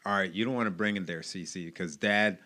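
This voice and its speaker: A man's voice: low-pitched, brisk, sharp tone. A man in a casual podcast conversation, telling stories animatedly and acting out the voices of the people he quotes. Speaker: guest.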